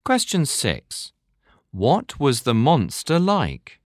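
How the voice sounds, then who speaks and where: Quiz reader for a listening test, slow, very sing-song, dry studio sound. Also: mid-range voice, huge pitch swings, no echo. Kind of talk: reading test questions.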